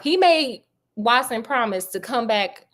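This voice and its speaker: A woman's voice: on the high side, animated, unhurried, fairly bright tone. A woman storyteller retelling a classic tale in loose, everyday slang. She keeps it casual and tosses in joking asides.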